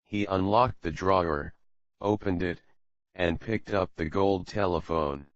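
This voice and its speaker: A man reading an audiobook in a steady, measured way. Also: deep voice, no room sound. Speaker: audiobook reader. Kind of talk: audiobook narration. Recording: dull lo-fi audiobook.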